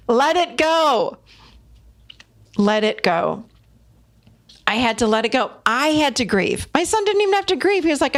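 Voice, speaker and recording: A middle-aged woman hosting a podcast, giving parenting advice in an animated, emphatic way, repeating phrases for effect and laughing as she talks. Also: mid-range voice. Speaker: podcast host. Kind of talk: solo podcast talk, coaching advice.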